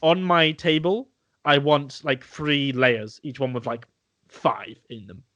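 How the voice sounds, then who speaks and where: A man's voice: medium pitch, steady tone, takes it slowly, a bit bright, no room sound, muffled recording. A young man co-hosting a podcast, chatting over beers, enthusing about food with restarts and the odd swear. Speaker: podcast co-host. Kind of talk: casual chat over beers.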